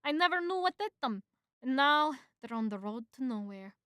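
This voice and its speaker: A woman's voice: sits high, expressive, normal speed, a bit bright, clear, resonant tone, no room sound, clean studio sound. A woman voicing a determined young male bee, urgent and demanding, in a casual script reading.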